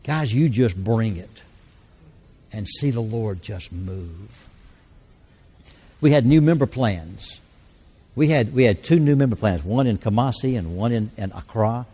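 A man's voice: lowish voice, animated, a little slow, pauses often, warm tone, breathy edge. A man giving an earnest, folksy sermon in a church service, leading a prayer and telling mission stories. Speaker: church speaker.

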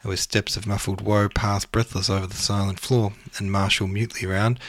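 A man hosting a podcast, reading poetry aloud in a measured way with small slips and self-corrections. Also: on the low side, level tone, dry recording. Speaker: podcast host and poetry reader.

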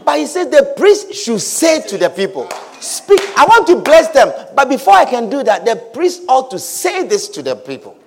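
A man pastor preaching a sermon, repeating shouted blessings and swinging between quiet speech and loud calls. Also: extremely high pitch, huge pitch swings, normal speed, gravelly.

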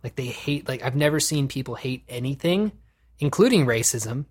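A man hosting a podcast, chatting casually and profanely, animated and laughing often. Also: mid-range voice, normal speed. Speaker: podcast host.

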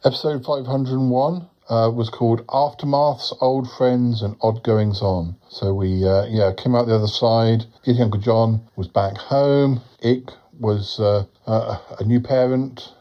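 A man's voice: mid-range voice, fairly even intonation, a little slow, few pauses, dull audio. A man hosting a comedic podcast review, rambling and hesitant with many fillers. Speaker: podcast host.

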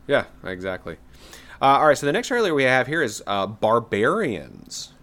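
A laid-back young man runs through movie trailers in a casual podcast chat. He often drops in "man" and "yeah", and his voice sits at a middle pitch. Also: big pitch swings, moderate pace, a bit bright. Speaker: podcast co-host presenting trailers.

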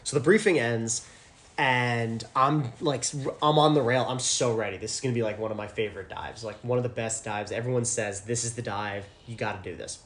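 A man co-hosting a podcast in easy, casual chat. He tells his stories with animation and gives the people in them voices of their own. His pitch sits in the middle range for a man. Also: a little fast, fairly bright tone. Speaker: podcast co-host, dive instructor.

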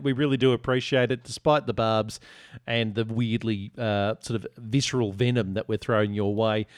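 A man's voice: medium pitch, dry recording, clean studio sound. A man hosting a casual podcast, joking and teasing as he reads listener reviews. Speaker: podcast host. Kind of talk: casual chat.

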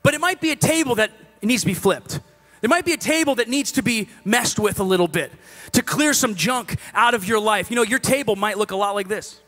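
High-voiced man preaching a lively sermon. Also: a little fast. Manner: animated, conversational preaching that swings between loud exhortation and hushed asides.

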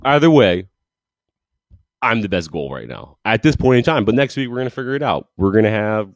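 A young man co-hosts a casual sports podcast in a fairly low voice that swings widely in pitch. He sounds animated and laughs often. He is recorded dry and close to the mic. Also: fairly quick, dry recording. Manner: animated, laughs often, shouts long goal calls. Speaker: podcast co-host. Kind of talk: casual chat.

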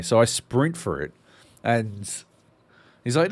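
A man's voice: medium pitch, sing-song, takes it slowly, pauses often. An Australian man co-hosting a podcast, telling a rambling story full of fillers and swearing. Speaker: podcast co-host. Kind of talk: casual storytelling.

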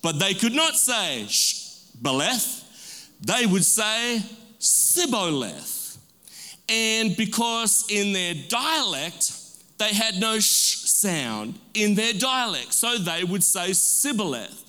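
Slow, emphatic preaching man in a hall. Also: high-pitched, lively intonation, bright, forceful tone, clear, resonant tone. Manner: call-and-response preaching, drawn-out emphatic words. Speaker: pastor. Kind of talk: sermon. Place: church sanctuary. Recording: long reverb of a large hall.

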